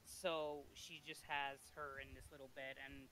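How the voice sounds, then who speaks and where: A man's voice: medium pitch, level tone, moderate pace, pushed and bright, poor audio. A man playing in a tabletop game, describing what his character does in a hesitant way with many fillers. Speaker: player.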